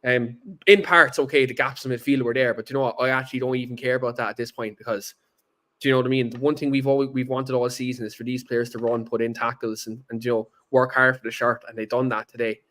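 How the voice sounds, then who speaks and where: A man praising his team in an emphatic, casual podcast chat, with a lot of heavy swearing. His voice sits at a mid pitch. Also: little pitch movement, fast, a bit bright. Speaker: podcast panelist. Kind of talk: excited match-reaction chat.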